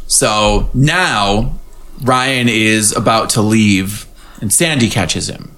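A man's voice: fairly low pitch, slow pace, fairly bright tone. A man co-hosting a podcast, recapping a TV episode in playful casual chat and laughing often. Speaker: podcast co-host.

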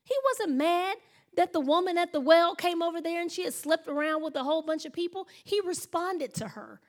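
A woman's voice: very high voice, brisk. A woman pastor, telling a story in a sermon and acting out the voices of the people in it. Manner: storytelling, acts out quoted voices.

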